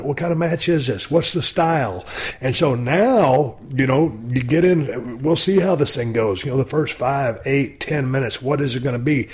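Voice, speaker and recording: Guy hosting a podcast, rambling, excited, talks in circles. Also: mid-range voice. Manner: rambling, enthusiastic, many restarts. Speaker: podcast host. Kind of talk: casual wrestling talk.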